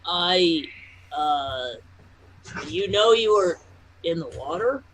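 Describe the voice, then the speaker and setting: A man's voice: high voice, animated, takes it slowly, a bit bright, slight background noise, poor audio. A man playing a tabletop game, asking questions in character with hesitant fillers. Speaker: player. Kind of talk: casual tabletop play.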